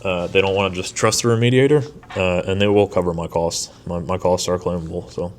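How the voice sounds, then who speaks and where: Deep-voiced man, measured podcast guest. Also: steady tone, slight background noise. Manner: measured, frequent "uh" hesitations. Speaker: licensed mold assessor, guest. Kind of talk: casual podcast conversation.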